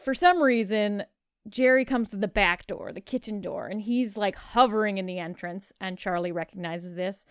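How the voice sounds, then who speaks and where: Female podcast co-host, casual and enthusiastic, crisp voice, dry close recording. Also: mid-range voice, normal speed, no echo. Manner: enthusiastic, swears freely. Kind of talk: casual chat.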